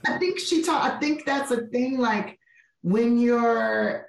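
Expressive woman comedian in a roomy space. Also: on the high side, slow pace, gravelly. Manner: expressive storyteller, acts out voices. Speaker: comedian and actress, guest. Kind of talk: casual chat. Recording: roomy echo.

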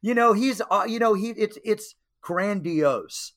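Halting man co-host, slightly high voice. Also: animated, a bit bright, a little hiss or hum. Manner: halting, many fillers. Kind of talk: casual chat.

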